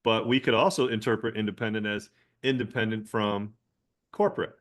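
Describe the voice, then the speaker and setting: A man hosting a casual podcast conversation, chatty and enthusiastic, often thinking out loud as he goes. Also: fairly low pitch, steady tone, brisk. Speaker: podcast host and dentist.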